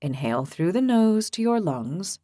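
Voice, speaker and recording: A woman voicing a calm, philosophical young man with an ox's head, who speaks patiently and reasons things out. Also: fairly low pitch, a little slow, dry recording, clean studio sound. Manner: patient, reasoning, gently teasing.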